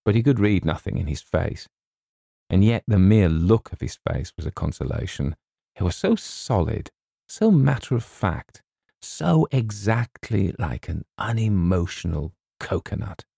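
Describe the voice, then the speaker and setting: A man narrating a comic story in a measured, wry manner. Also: fairly low pitch, lively intonation, vocal fry, mellow, breathy edge, dry recording, studio quality. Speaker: audiobook narrator.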